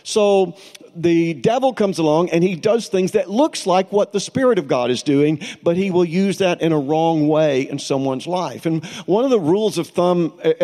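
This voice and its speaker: A middle-aged male pastor delivers a sermon in a relaxed, conversational storytelling manner, breaking now and then into light laughter. His voice sits a little high for a man and sounds warm and mellow.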